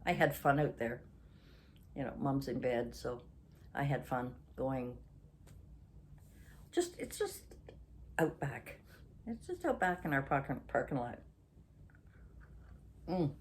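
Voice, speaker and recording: A woman's voice: very deep voice, very animated, slow, long pauses, a little hiss or hum. A woman in her sixties from Canada, hosting a chatty craft vlog, rambling and losing her train of thought, then ranting indignantly. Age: 60s. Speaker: craft channel host.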